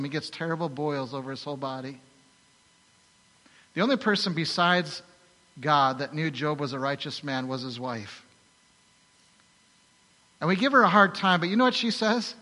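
Bright-voiced preacher telling a story. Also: male voice, a little high, moderate pace, pauses often. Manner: animated storytelling with rhetorical questions. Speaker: pastor. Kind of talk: sermon. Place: large church hall. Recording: long hall reverb.

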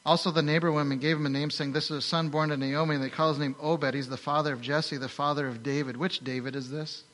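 A man's voice: fairly high pitch, steady tone, fast, a bit bright. A man preaching a sermon to his congregation, telling the story animatedly and asking rhetorical questions. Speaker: pastor. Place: large church hall. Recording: long hall reverb.

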